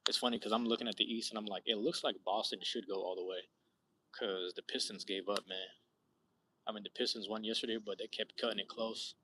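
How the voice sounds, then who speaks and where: A young man chatting casually on a live stream, rambling loosely in slang with frequent swearing and sudden animated outbursts. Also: lowish voice, background noise. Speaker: vlogger chatting with live viewers. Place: outdoors at sunset.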